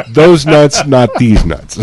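A man's voice: mid-range voice, darkish tone. Jokey male podcast host. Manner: jokey, laughs often, reads sponsor thanks. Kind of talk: casual podcast banter.

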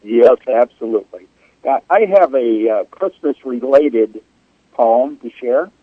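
A man's voice: mid-range voice, measured pace, husky, no echo. A man who is a regular poet guest on a radio talk show, speaking hesitantly with many restarts. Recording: lo-fi radio sound.

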